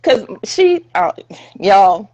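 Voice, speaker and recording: A woman's voice: mid-range voice, very animated, drawn-out words, a little mellow, lo-fi sound. A woman co-hosting a casual live-stream chat, playful and colloquial, talking over a video call. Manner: playful, plugs her bakery, colloquial. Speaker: co-host, relationship coach.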